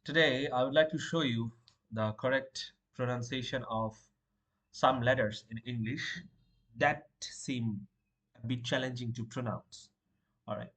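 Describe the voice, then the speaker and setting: A man with a husky, slightly breathy voice leads a beginner pronunciation lesson. He talks slowly, breaking English into single sounds and example words and repeating them patiently. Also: mid-range voice, a bit bright. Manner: repeats sounds and words slowly, with fillers like "you know" and "all right".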